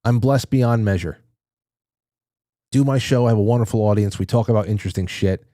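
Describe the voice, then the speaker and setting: Dark-voiced man hosting a livestream. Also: lowish voice, a little fast, no room sound, studio quality. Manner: rambling, candid, swears casually. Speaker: podcast host. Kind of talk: casual livestream chat. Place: dim small studio room.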